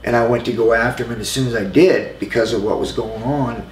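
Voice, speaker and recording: A man's voice: medium pitch, steady tone. Middle-aged man telling a story in a roomy space. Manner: halting, loose storytelling full of "you know" asides. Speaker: interview guest. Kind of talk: casual anecdote telling. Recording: roomy with faint ambient noise.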